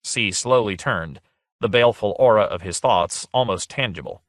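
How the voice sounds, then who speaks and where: In this clean, dry studio recording, a man reads an audiobook as scripted narration. His voice sits on the low side, and his delivery is clear and expressive at a normal speed.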